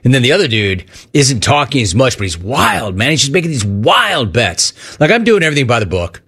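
Very animated and fairly quick, this sports talk radio host's medium-pitched voice sounds pushed and bright with a breathy edge. He rambles through a jokey story, performing the voices of its characters.

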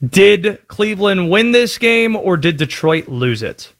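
A male sports radio host, quick and wry, needling his co-host with blunt takes. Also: high-pitched, sing-song, fairly bright tone. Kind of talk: sports talk radio debate.

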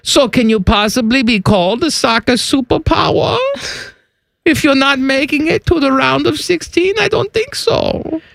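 A man's voice: very high-pitched, animated, rapid-fire, creaky, few pauses, bright, forceful tone, no room sound, voice pushed up, heavily acted. A man voicing a pompous German man with a thick, strained put-on accent, giving his opinion on a sports talk show. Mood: blustering. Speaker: co-host.

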